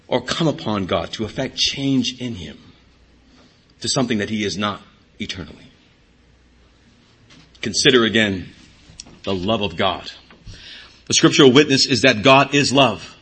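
A man's voice: mid-range voice, bright, forceful tone, slightly rough. A middle-aged man preaching a sermon, teaching earnestly and repeating key words for emphasis. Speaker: pastor.

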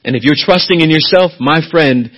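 A pastor preaching a sermon, swinging from quiet, low asides to loud, emphatic, high-pitched appeals. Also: male voice, moderate pace, low-quality recording.

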